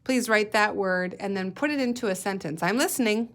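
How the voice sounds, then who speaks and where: A woman's voice: mid-range voice, brisk. A woman teacher leading a guided reading lesson for young children, patiently sounding out letters and words. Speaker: elementary school teacher.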